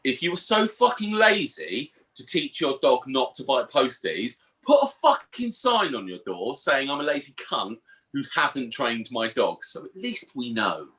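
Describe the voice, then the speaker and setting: A man, co-hosting a casual podcast and telling stories in a sweary, animated way. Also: mid-range voice, a little slow. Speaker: podcast co-host. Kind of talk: casual chat.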